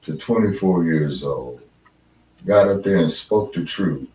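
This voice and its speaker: A man's voice: low voice, expressive, a little slow, darkish tone, distant mic. A man co-hosting a casual political chat, talking bluntly and profanely with strong emphasis. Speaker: co-host. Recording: roomy echo, set back from the mic.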